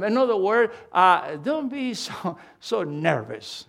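A man preaching a sermon, emphatic and animated, swinging between loud and hushed delivery with halting restarts. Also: sits high, gravelly. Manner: halting restarts and repeated words.

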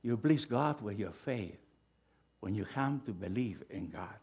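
A middle-aged male pastor preaching a sermon, swinging from loud, emphatic bursts to hushed asides. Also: lowish voice, expressive, a little slow, husky.

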